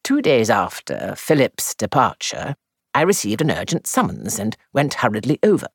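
Brief: male storyteller, expressive rising and falling delivery, dry close-miked sound. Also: mid-range voice, vocal fry, no room sound. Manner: measured, composed first-person storytelling. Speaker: narrator. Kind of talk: audiobook narration.

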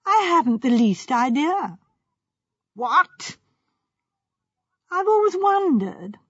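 A woman's voice: sits high, big pitch swings, slow pace, fairly bright tone, no echo, voice pushed up, heavily acted. A woman doing a vague, wide-eyed young actress. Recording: slightly dull, dry recording.

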